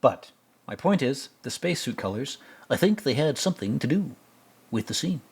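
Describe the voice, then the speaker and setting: A man's voice: mid-range voice, very animated, normal speed, vocal fry, slightly rough. A man hosting a casual film commentary, rambling and stammering with joking asides. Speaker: host.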